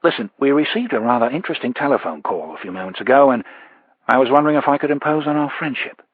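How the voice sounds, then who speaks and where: A man voicing a gruff, impatient male executive producer who barks orders. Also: medium pitch, expressive, fast, no room sound. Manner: brusque, barking orders. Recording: dull lo-fi audiobook recording.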